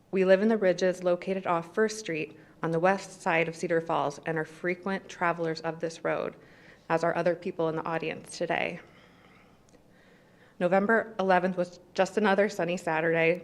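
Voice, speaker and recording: A woman in her thirties reading a prepared statement at a city council meeting. She is emotional and close to tears, and her delivery is shaky and halting at a podium microphone. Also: lowish voice. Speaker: resident speaking at public comment.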